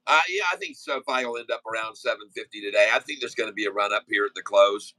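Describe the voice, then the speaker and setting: A man with a forceful, bright voice talks his way through a live day-trading stream in a loose, folksy way, drifting between stock calls and chatty asides full of fillers. The sound is dry and close, with no room echo. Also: fairly low pitch, fast talker. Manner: rambling, folksy, easygoing, many fillers and asides. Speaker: day-trading livestream host. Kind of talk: casual live-stream chat and stock commentary.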